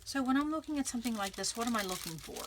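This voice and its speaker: Talking rapid-fire with lively intonation, this craft vlogger has a somewhat high voice and a noisy background. Her scrapbooking tutorial is relaxed and chatty: she thinks out loud while working and keeps checking in with whoever's watching.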